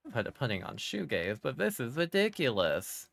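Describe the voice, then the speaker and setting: A man's voice: mid-range voice, very animated, moderate pace, vocal fry, hardly any pauses, fairly bright tone. A man streaming a horror game live, joking with chat and reacting aloud as he plays. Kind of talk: live gameplay commentary.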